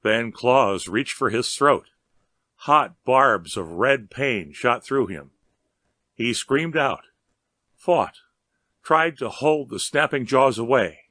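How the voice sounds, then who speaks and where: Man reading a story aloud, steady and measured, mid pitch, dry close sound. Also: dry recording. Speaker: narrator. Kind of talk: audiobook reading.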